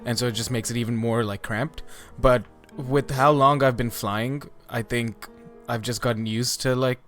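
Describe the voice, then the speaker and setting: A man's voice: medium pitch, steady tone, normal speed, fairly bright tone, faint music behind. Upbeat man hosting a casual podcast. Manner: upbeat, hesitant with many fillers. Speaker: podcast host. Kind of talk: casual chat.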